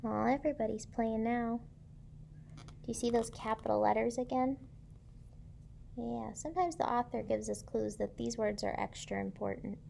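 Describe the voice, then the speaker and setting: A woman teacher reading a picture book aloud to children, pausing to ask them gentle questions. Her voice sits fairly high with a gravelly fry. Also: a little hiss or hum.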